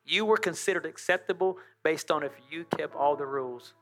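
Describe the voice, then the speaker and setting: A male pastor preaching a lively sermon in church, talking straight to the congregation and drawing it into call and response. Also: a little high, fairly quick, faint music behind.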